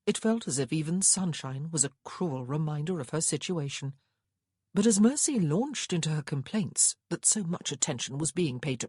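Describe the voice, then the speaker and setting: A woman reads a historical romance with measured storytelling and a lively, rising and falling pitch. Her voice is breathy and sits close and dry, with no room sound. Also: no room sound. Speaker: audiobook narrator. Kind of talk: scripted narration.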